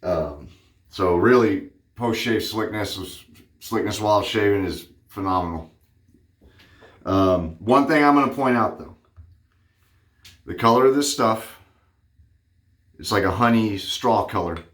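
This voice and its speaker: Male vlogger, low voice, chatty and rambling, slightly winded, roomy echo. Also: lively intonation, unhurried, long pauses, fairly bright tone. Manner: rambling, chatty, many fillers. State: out of breath. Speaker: wet shaving vlogger. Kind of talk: casual shaving vlog.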